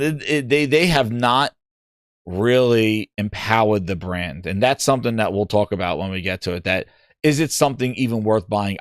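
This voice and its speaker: A man hosts a gaming podcast, talking casually and rambling with lots of fillers and restarts. His voice is medium-pitched, in clean studio sound with no room noise.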